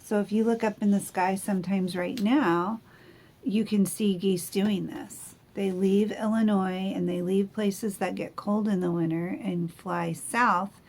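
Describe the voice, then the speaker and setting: Teacher lady reading a storybook to kids, asks them questions, takes it slow. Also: mid-range voice, fairly even intonation. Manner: gentle, asks the children questions. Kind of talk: picture book read-aloud.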